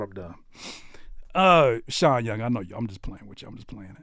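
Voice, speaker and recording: A man hosting a live stream, reacting to viewer music with animated, slangy, profane joking banter and teasing the chat. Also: fairly low pitch, moderate pace, dry recording, clean studio sound. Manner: reads out chat comments and teases viewers.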